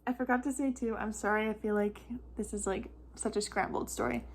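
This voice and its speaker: A woman's voice: medium pitch, steady tone, a little fast, vocal fry. A young woman and mother telling a casual storytime vlog, chatty and rambling with many "like" fillers, close to tears at times.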